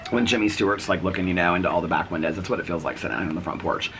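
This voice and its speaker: A man's voice: low-pitched, racing, fairly bright tone, slight background noise. A middle-aged man chatting casually in a daily vlog from his front porch, retelling his day with quoted back-and-forth dialogue. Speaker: vlogger.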